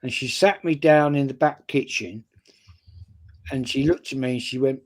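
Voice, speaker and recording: Speaking at medium pitch and normal speed, an older London-accented man from North London recounts a long story from his life. He's a fan channel panelist in casual conversation, anecdotal in style and forever checking in with "right?"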